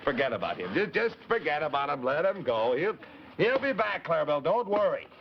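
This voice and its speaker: A man hosting a 1950s live children's TV show, talking straight to the kids in an animated way. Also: a little high, brisk. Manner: animated, addressing kids directly. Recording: dull lo-fi 1950s TV recording with faint hiss.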